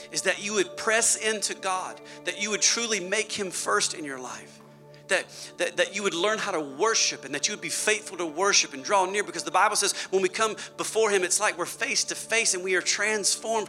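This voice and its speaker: Man, pastor, sermon, animated preaching, fairly high voice, faint music behind. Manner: animated preaching, swings between loud and hushed.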